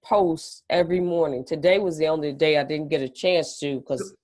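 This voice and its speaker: A woman's voice: low voice, steady tone, normal speed, a little mellow. A woman on a coaching call, earnest and agreeable, often answering in short replies. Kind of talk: casual chat on a call.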